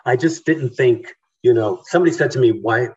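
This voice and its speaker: A male author talking in an interview, halting, with many fillers and restarts. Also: medium pitch, darkish tone, breathy edge, distant mic, muffled recording. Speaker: author guest. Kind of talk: casual interview talk.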